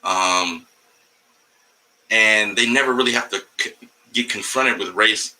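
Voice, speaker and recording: A man's voice: on the low side, measured pace, long pauses, bright, forceful tone, low-quality recording. A man doing a casual, rambling comedy livestream from home, profane and jumping between topics, talking to his cat along the way. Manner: talks to his cat mid-stream.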